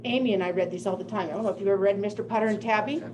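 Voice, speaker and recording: An older woman giving a presentation to teachers, telling classroom stories in a lively way and laughing often. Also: medium pitch, rapid-fire, background noise. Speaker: teacher of deaf students. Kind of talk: presentation to educators.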